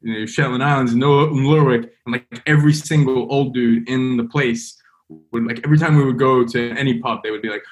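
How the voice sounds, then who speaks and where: A man's voice: medium pitch, quick pace. Yeah loose young guy spinning a yarn, lots of "like", everyday voice. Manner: rambling, full of "like" and "you know". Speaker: guest. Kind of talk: casual storytelling.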